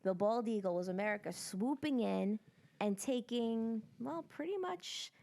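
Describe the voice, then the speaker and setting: A woman's voice: a little high, lively intonation, unhurried, warm tone. A young woman co-hosting a podcast, chatting casually in a joking, rambling way. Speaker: podcast co-host. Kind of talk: casual chat.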